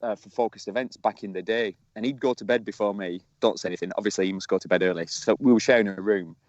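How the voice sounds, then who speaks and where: A man's voice: on the low side, fast talker, no echo. Man telling cheeky stories by phone. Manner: rambling, cheeky storyteller. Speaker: podcast co-host. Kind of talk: casual chat. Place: outdoors in a field, sitting on a tree stump. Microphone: mobile phone. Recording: dull lo-fi phone audio.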